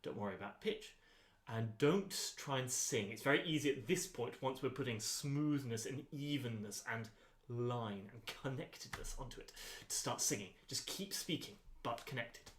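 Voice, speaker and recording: Man, choir voice teacher, unhurried instructing, mid pitch, echoey rehearsal room. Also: a little hiss or hum. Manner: calm, unhurried instructing with frequent ums. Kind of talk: rehearsal voice lesson.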